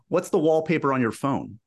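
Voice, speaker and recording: A man's voice: on the high side, vocal fry, slightly rough. Playful male podcast host. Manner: playful, quick reactions. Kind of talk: casual interview chat.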